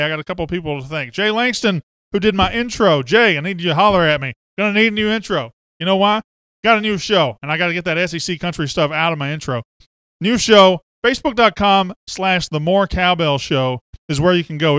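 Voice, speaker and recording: A man hosting a sports podcast, excitable and brash, speaking from a studio. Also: high-pitched, smooth, dry recording. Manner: excitable, brash, loud bursts. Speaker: podcast host. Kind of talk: energetic sports podcast talk.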